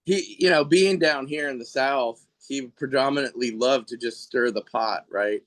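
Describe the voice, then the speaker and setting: As a guest on a podcast, a middle-aged man wanders through stories in casual chat, laughing frequently and doing voices for the people he quotes. He speaks at a moderate pace in a medium-pitched, fairly bright voice.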